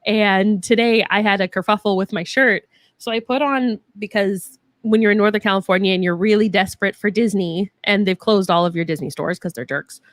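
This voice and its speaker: A woman cohosting a casual chat on a video call, chatty and joking and quick to laugh. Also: mid-range voice, no echo, clean studio sound.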